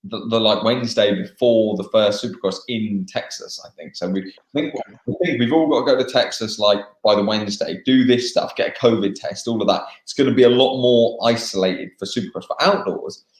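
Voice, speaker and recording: A young English man, a motocross racer, chatting casually in a live interview, laughing and pausing on fillers. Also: on the low side. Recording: echoey room.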